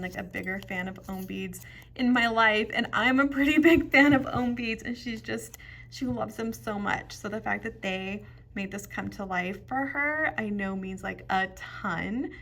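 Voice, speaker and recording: A woman's voice: medium pitch, moderate pace, fairly bright tone, slight background noise. A woman showing off jewelry beads in a casual vlog, chatty and gushing, often dropping to a whisper. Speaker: jewelry bead reviewer. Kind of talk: casual show-and-tell vlog.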